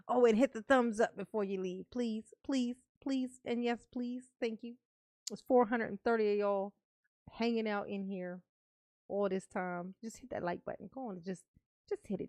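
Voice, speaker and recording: A woman's voice: mid-range voice, steady tone, moderate pace, a little mellow, dry recording. A woman hosting a casual livestream, teasing and laughing often, fondly calling herself Mama to her viewers. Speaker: livestream host. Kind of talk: casual live-stream commentary.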